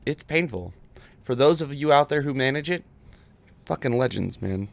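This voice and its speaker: A man's voice: medium pitch, lively intonation, moderate pace, creaky. Laid-back male streamer, chatty. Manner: laid-back, chuckles often, calls everyone "man". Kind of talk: casual livestream chat. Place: home. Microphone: desk microphone.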